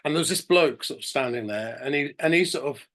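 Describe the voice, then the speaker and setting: A middle-aged man with a slightly higher-than-usual voice, chatting as an interview guest. He wanders through long anecdotes, tripping over restarts and slipping into the voices of the people he quotes. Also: expressive, fairly quick, a bit bright. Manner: rambling storyteller, many restarts and acted-out quotes. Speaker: podcast guest. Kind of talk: casual interview chat.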